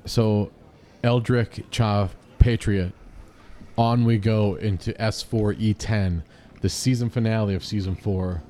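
A man co-hosting a podcast, chatting casually and recapping a TV show in a jokey, rapid-fire way. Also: fairly low pitch, steady tone, dark tone, slight background noise. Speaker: podcast co-host.

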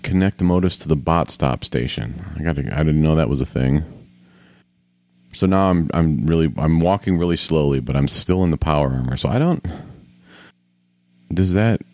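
A man's voice: extremely low pitch, lively intonation, moderate pace, dark tone, no room sound. A man casually commenting on a video game as he plays, grumbling, swearing and talking to himself. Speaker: gamer.

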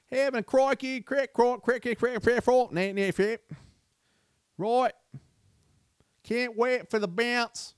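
A squeaky giddy footy fan. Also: male voice, fairly even intonation, slow, pauses often, clear, resonant tone, no echo, clean studio sound. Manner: babbling nonsense fake-accent gibberish.

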